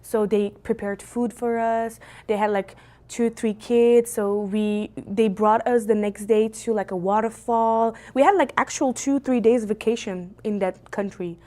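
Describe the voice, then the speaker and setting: A young woman from Belgium streaming from home on a phone, telling a family story in a lively, animated way. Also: a little high, unhurried. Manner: animated, lively storyteller with big jumps for quoted voices. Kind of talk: casual livestream storytelling. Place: indoors at home. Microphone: phone on a gimbal.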